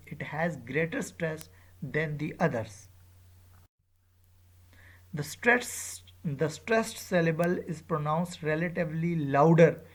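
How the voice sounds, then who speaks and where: A teacher giving a recorded lecture to students, speaking hesitantly with frequent fillers and repeated phrases, drawing out and stressing example words. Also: mid-range voice. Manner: drawn-out, emphatic example words.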